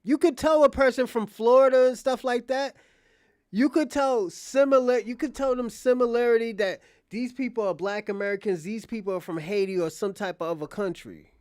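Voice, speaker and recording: A man's voice: very high-pitched, normal speed, clean tone, no room sound, studio quality. A man hosting casual commentary, talking bluntly with profanity. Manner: blunt, profane, animated storytelling. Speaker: host.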